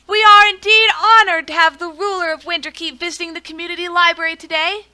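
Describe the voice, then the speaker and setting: A woman's voice: very high voice, flat delivery, quick pace, bright, forceful tone, pitched above the performer's own voice, exaggerated voice. A woman voicing a polite, earnest librarian in a game, speaking formally and pleading.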